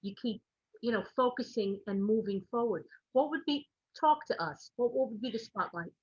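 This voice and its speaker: A woman host speaks in an effusive way, summing up her guest's career before she puts her question. Her husky voice comes through a dull, lo-fi line with a very dry sound. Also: fairly high pitch, normal speed, no echo. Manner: effusive, recaps before asking. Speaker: talk show host. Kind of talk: interviewer's question.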